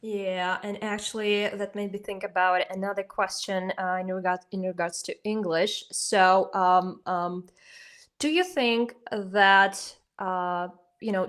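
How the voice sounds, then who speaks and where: Measured woman interviewer with a Russian first language. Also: mid-range voice, a bit bright. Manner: measured, explanatory, teacherly. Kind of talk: conversational interview.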